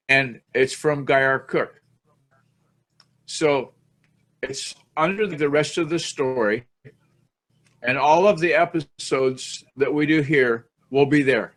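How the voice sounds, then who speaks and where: A man hosts a casual podcast conversation in a mid-range, slightly bright voice. His style is chatty and meandering, with plenty of self-deprecating humor.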